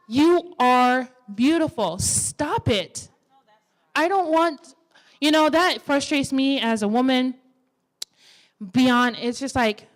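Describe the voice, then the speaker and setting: A woman in her twenties preaching a sermon in a church, lively and exhorting, with playful asides. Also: high voice. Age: 20s. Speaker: women's ministry speaker.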